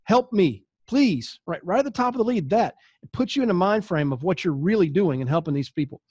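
A middle-aged man telling stories to his team of agents in a casual, animated way, acting out the dialogue and laughing often. His voice sits a little high, and it is recorded dry and close with no room sound. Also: quick pace, slightly rough, no echo. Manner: lively storyteller, acts out dialogue, laughs often. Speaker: host and insurance agency leader. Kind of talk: casual storytelling talk to agents.

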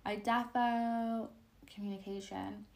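A woman's voice: medium pitch, level tone, gravelly. A young woman co-hosting a podcast in casual chat, emphatic and outspoken. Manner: emphatic and outspoken, rapid bursts. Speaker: podcast co-host.

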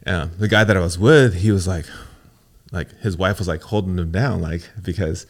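A man's voice: sits low, moderate pace. A man in his thirties co-hosting a podcast, telling stories casually and acting out the quoted voices of other people. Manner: storytelling, acts out quotes in a raised voice. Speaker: podcast co-host. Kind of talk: casual chat.

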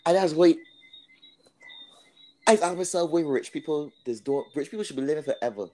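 A man co-hosting a podcast in casual chat. He talks haltingly, repeats words and thinks out loud. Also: on the high side, expressive. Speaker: podcast co-host.

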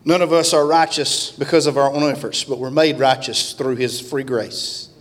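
A man's voice: mid-range voice, steady tone, moderate pace. A man preaching a revival sermon in a church, fervent and emphatic. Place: church sanctuary. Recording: long church-hall reverb.

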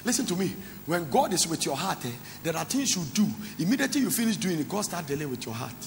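A high, gravelly man's voice preaches a sermon in a church hall. He breaks into song and local words as he drives his point home. The sound rings with long reverb, and a faint room hum sits behind it. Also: very animated, fast talker. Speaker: pastor. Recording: echoey hall with faint ambience.

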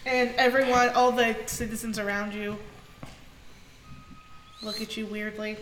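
A woman narrating a tabletop game as game master, halting and giggly with many fillers. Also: on the high side, little pitch movement, fairly bright tone. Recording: echoey noisy room.

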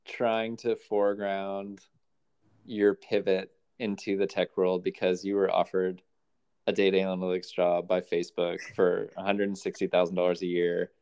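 A man's voice: deep voice, monotone, moderate pace, a little mellow, clear, resonant tone. A man co-hosting a podcast in casual chat, wry and teasing, often laughing. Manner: wry, sarcastic, laughs easily. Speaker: podcast co-host.

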